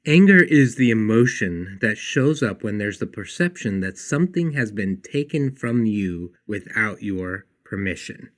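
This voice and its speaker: A man hosting a podcast, telling a story in an earnest, animated way before teaching a lesson. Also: on the low side, measured pace, few pauses. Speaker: podcast host and counselor. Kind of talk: storytelling then teaching monologue.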